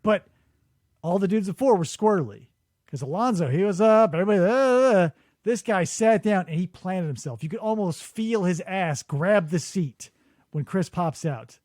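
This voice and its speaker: Podcast host, male. High, very expressive storyteller who acts out quotes. Dry studio sound. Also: moderate pace, dry recording. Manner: animated storytelling, acts out quotes, swears freely. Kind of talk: casual chat. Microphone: studio microphone.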